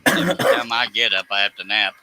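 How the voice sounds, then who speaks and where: A man's voice: lowish voice, fairly even intonation, quick pace, pushed and bright, a little hiss or hum, low-quality recording. A man chatting casually on a live stream, easygoing and reading comments aloud. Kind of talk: casual chat.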